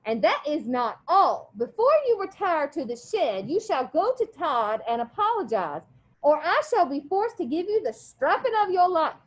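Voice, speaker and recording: Haughty, icy storybook foster mother, slow and formal, read aloud by a high-voiced woman. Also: sing-song. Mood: stern. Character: stern, prim middle-aged foster mother.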